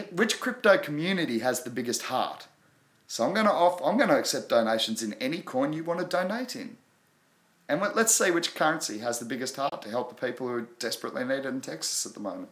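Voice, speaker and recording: A man with an Australian accent hosting a casual crypto livestream, talking quickly and rambling. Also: medium pitch, fairly bright tone, reverberant. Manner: quick, rambling, apologetic about his pace. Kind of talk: casual live chat.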